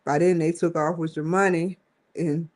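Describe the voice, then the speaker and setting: A woman's voice: lowish voice, flat delivery, moderate pace, darkish tone. A woman hosting a casual live stream, rambling and slangy, often giggling as she talks. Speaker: host.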